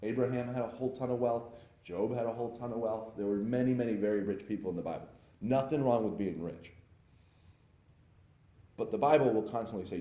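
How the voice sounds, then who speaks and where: A man's voice: fairly low pitch, brisk, dark tone, echoey room. A man teaching a casual Bible lesson, talking loosely with frequent restarts and asides.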